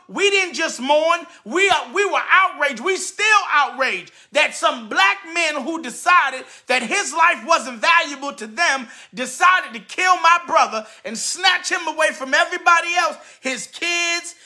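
A man, a radio host delivering an indignant, repetitive commentary rant and often shouting. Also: very high voice.

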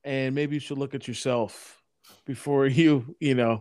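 A man's voice: mid-range voice, fairly even intonation, a little slow, a little mellow, no room sound, studio quality. A man in casual conversation, agreeing with short, profane remarks. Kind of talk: casual chat.

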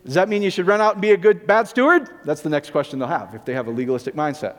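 A man's voice: on the high side, very fast, hardly any pauses. Man preaching in a reverberant hall. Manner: conversational, often checking with the congregation. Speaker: pastor. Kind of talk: sermon. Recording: long reverb of a large hall.

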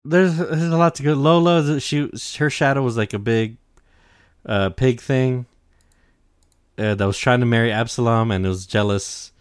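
In this casual podcast chat, a young male co-host recaps an anime arc with a clean, mid-range voice at a moderate pace. He wanders through the story, swearing, leaning on fillers, and acting out quoted lines in different voices.

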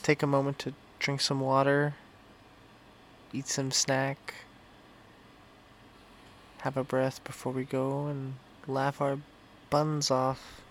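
A man's voice: medium pitch, completely flat delivery, slow, pauses often, slight background noise. A man hosting a breathing and laughter session, giving exercise instructions in an exaggerated coaching manner. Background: music.

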